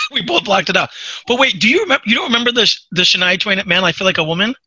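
Podcast host, male, fast-talking, dry close sound. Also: high voice, husky, dry recording, low-quality recording. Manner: quick, animated, chatty. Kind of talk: casual chat, storytelling.

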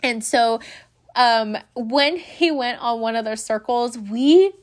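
A woman's voice: on the high side, slow. A young adult woman telling a story in a casual, chatty way, full of fillers like "like" and "um". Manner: chatty, animated, many fillers like "like" and "um". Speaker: vlogger.

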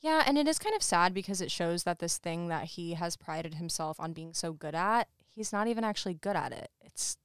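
A woman's voice: on the low side, brisk, few pauses, smooth, no room sound, studio quality. Woman podcast host recapping with laughs. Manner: laughs often, animated retelling with quoted voices. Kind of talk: casual chat recapping a movie.

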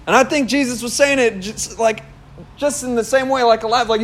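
Young male preacher, high voice, casual and animated, laughs often. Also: fairly quick. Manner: conversational, animated storytelling with laughs. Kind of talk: casual sermon.

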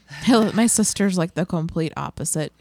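A woman in casual chat, reacting with short swearing interjections and quick deadpan jokes. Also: lowish voice.

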